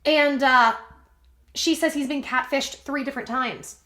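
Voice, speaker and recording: A woman with a bright, crisp voice pitched a little high recaps online gossip for her channel. She talks in a chatty way, full of fillers and wry asides. Her voice rings off the walls of a roomy, echoey space. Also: measured pace. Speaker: commentary channel host. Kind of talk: gossip commentary, reading and reacting. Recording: echoey room.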